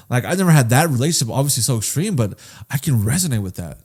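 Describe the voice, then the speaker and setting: Mellow-voiced man, candid and profane. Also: medium pitch, lively intonation, quick pace, husky. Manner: earnest, heavy swearing, trailing restarts; candid and reflective. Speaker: podcast host. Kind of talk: casual podcast chat.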